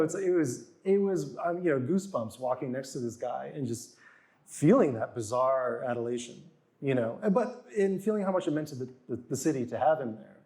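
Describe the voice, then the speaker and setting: The man, an author and guest in his forties, narrates stories casually at a slightly fast pace. His medium-pitched voice has a dark tone, and he dramatizes quotes in a louder voice.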